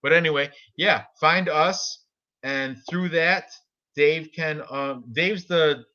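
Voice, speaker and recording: Bright-voiced excitable man on a lo-fi stream. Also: takes it slowly. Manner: excitable, voice jumps high when shocked. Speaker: co-host of a betting stream. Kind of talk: casual chat. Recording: dull lo-fi stream audio.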